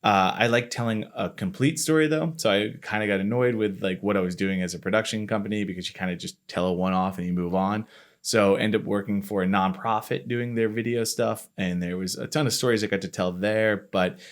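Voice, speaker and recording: A man's voice: fairly low pitch, fairly quick. A man in his thirties from Florida, hosting a casual interview and rambling through his story with self-mocking asides. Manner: rambling, self-mocking, acts out his own past thoughts. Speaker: podcast host, company marketing lead.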